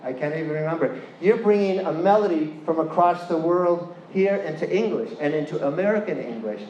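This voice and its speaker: This guest lecturer, Californian-accented, talks a little fast in a darkish voice on the high side during a playful, chatty university lecture with questions for the audience. The recording is muffled, with a little hiss or hum, and the hall is echoey with faint ambience.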